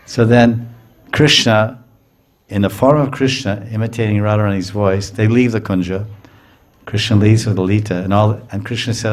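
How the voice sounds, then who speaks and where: A man giving a religious lecture, telling a sacred story in a lively way, acting out the characters and checking in with his listeners. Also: lowish voice, normal speed. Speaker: spiritual teacher.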